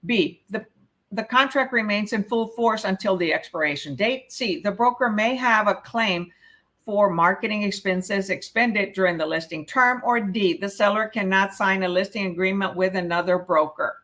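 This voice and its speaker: A woman's voice: mid-range voice, moderate pace, a bit bright. A woman teaching a live real estate exam prep class, reading questions aloud and explaining the answers, often checking in with "okay?".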